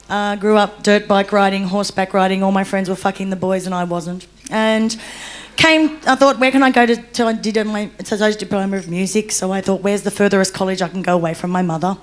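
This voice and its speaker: A woman's voice: mid-range voice, fairly even intonation, a little fast. A young Australian woman telling her own story on a discussion panel, candid, laughing often and turning tearful.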